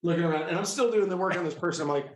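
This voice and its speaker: A middle-aged man telling a personal story with excitable, animated energy, often breaking into quoted dialogue. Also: high voice, very fast, slight background noise. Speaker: guest, healer. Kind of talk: storytelling in a conversational interview. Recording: echoey room.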